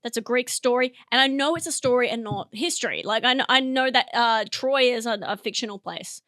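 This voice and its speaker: A woman's voice: a little high, a little fast, fairly bright tone, no room sound. Young woman cracking herself up, rambly, dry close mic. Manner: giggly, rambling, self-interrupting. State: teary from laughing. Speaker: comedy podcast host. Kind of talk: casual comedic monologue.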